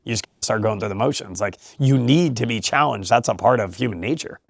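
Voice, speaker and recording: A man who coaches high school wrestling, talking in a relaxed interview in an emphatic, motivational way and laughing often. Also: a little fast, creaky, no room sound, studio quality. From California. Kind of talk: casual interview talk.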